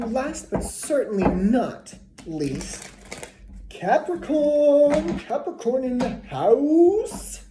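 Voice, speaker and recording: A woman giving a casual tarot reading to a zodiac sign, chatty and repeating herself, sometimes dropping to a whisper. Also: on the low side. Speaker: tarot reader. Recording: echoey room with faint noise.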